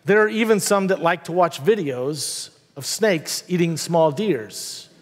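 Storytelling male pastor in a reverberant church. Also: fairly high pitch. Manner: storytelling, with dramatic pauses; wry asides. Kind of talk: sermon. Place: church sanctuary.

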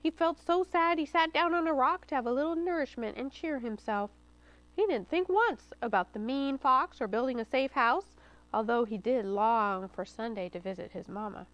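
A woman, a children's librarian, reading a story aloud at storytime in a lively, expressive way. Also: high voice, normal speed, low-quality recording. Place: studio taping for local cable TV.

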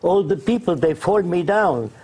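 Old guy putting on a slow puzzled man with an arabic accent, broken english, husky. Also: sits high, expressive, a little mellow, pitched above the performer's own voice, full character voice. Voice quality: halting, broken grammar.

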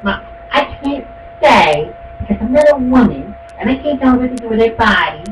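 A man's voice: very high voice, animated, normal speed, background noise, pitched above the performer's own voice. A man putting on the voice of a waffling churchgoing man who stammers and dodges the question. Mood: whiny. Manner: hesitant, stammering, whiny. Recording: echoey and distant.

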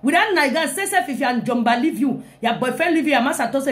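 Brief: young woman, high voice, lively comic live-stream hype. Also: fast. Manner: animated, with frequent laughing "hey, hey" exclamations.

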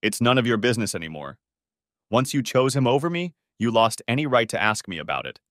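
A man's voice: medium pitch, very animated, a little fast, a bit bright, no room sound. A man plays a betrayed husband in a storybook reading, cold and cutting with a sarcastic edge. His voice rises a little above the narration and lifts and falls with feeling, in a dry, close recording. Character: cold, bitter husband confronting his wife.

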